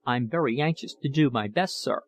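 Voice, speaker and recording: A man's voice: mid-range voice, animated, a little fast, dry recording, natural voice. A man voicing a polite, deferential young man anxious to be hired.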